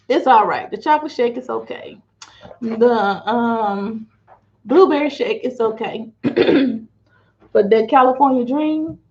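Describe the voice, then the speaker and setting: A chatty woman with a fairly high voice talks through her day at an easy, slow pace. She is casual and homey, showing things to the camera as she goes. The sound is dull and lo-fi, like a home video. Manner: chatty, unhurried, showing food items to camera. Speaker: financial wellness coach sharing diet vlog. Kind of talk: casual chat.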